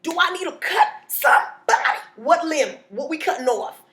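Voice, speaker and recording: A woman voicing a hotheaded male neighbor, loud and excitable, who is eager to fight. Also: high-pitched, normal speed, reverberant, pitched above the performer's own voice. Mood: eager, threatening.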